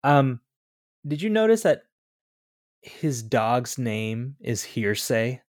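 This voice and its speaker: A man chats about a film with his co-host, loose and jokey, leaning on fillers as he goes. His voice is mid-pitched and sounds close and dry. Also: very animated, slow, dry recording. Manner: chatty, jokey, hedging with fillers. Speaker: podcast co-host. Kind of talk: casual movie discussion.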